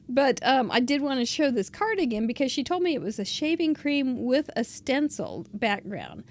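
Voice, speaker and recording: A woman hosts a relaxed crafting show-and-tell, her voice sitting a little high. She talks things through aloud and lets many phrases fade off softly. A faint hum of room ambience sits under her voice. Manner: chatty, thinks aloud, trails off softly. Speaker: crafting channel host.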